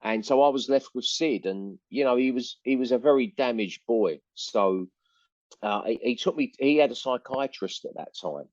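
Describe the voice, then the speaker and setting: A man's voice: medium pitch, animated, normal speed, darkish tone, dry recording, highs cut off. An older man with an East London accent, a musician telling long rambling anecdotes in a casual interview. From England. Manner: rambling anecdotes with frequent fillers and restarts.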